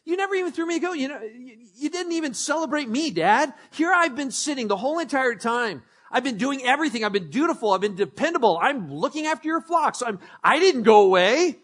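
A man's voice: very high-pitched, expressive, fairly quick, few pauses, fairly bright tone, pitched above the performer's own voice, full character voice. A man acting out a resentful older brother, grown and sulking, who complains in a whiny, aggrieved way during a sermon. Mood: indignant whining.

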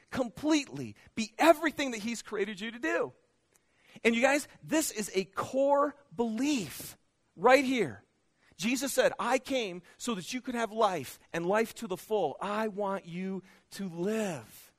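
A man preaching a sermon, asking the congregation questions and swinging between loud, pressing exhortation and hushed, intimate asides. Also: extremely high pitch, lively intonation, measured pace. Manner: speaks directly to the congregation with questions. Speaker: pastor.

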